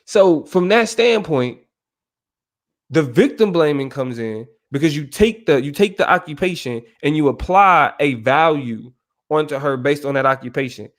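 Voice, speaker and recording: A man's voice: fairly high pitch, lively intonation, moderate pace. Emphatic podcast co-host, a man. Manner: emphatic, keeps asking "you feel me". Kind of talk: casual podcast discussion.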